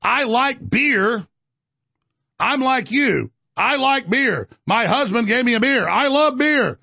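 Man playing a shrill, mocking lady politician, gravelly underneath, sing-song. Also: expressive, slow pace, pushed and bright, dry recording, heavily acted. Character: mocking impression of a female politician bragging about beer.

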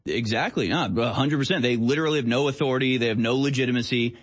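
A man's voice: mid-range voice, fast talker. A man co-hosting a political commentary chat, talking in an insistent, ranting way. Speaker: co-host.

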